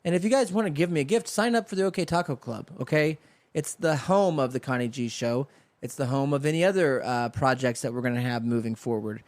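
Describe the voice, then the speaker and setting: A man hosting a solo podcast, riffing loosely and acting out bits of dialogue in quick voices. His voice sits at an ordinary middle pitch. The sound is dry and close, with no room around it. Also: a little mellow, no room sound. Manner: rambling, riffing with acted-out voices. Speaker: podcast host. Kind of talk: solo comedic monologue. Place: home studio.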